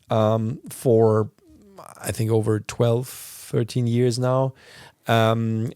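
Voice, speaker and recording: A man's voice: mid-range voice, dark tone, no room sound, studio quality. A man hosting a podcast, explaining news in a casual, rambling way with plenty of fillers. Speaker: podcast host.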